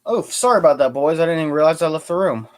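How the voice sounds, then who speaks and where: Male streamer, high voice, dry sound, loud and jokey, talking to his viewers outdoors. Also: lively intonation, rapid-fire, no room sound. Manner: loud, joking, calls out to his audience. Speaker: livestream host. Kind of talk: casual livestream chat. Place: outdoors in a backyard.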